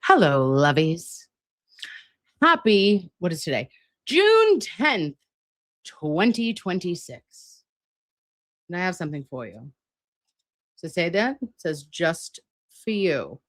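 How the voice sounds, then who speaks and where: A woman's voice: lowish voice, expressive, a little slow, long pauses, fairly bright tone, no echo, clean studio sound. A woman hosting a casual livestream from home at her laptop, chatty and profane, calling her viewers lovies and babes. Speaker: livestream host. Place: home, at a laptop with air conditioning running. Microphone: laptop setup.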